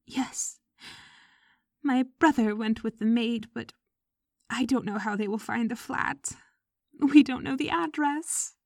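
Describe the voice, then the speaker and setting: A woman voicing a distraught, practical middle-aged woman who exclaims in a high, tearful voice in a storybook reading. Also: slow, vocal fry, pauses often, darkish tone, no echo, clean studio sound. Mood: anxious.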